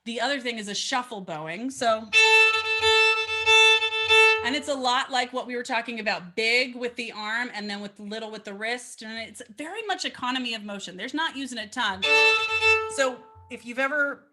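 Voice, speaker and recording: A woman's voice: fairly high pitch, moderate pace, loud music behind the voice. A woman teaching a violin lesson in a chatty, upbeat way, with fillers and asides between demonstrations. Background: violin playing between phrases.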